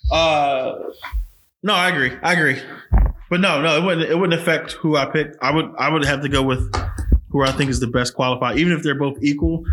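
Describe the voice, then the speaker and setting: Loud, passionate man in casual talk. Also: fairly high pitch, fast, a little hiss or hum. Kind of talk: casual conversation.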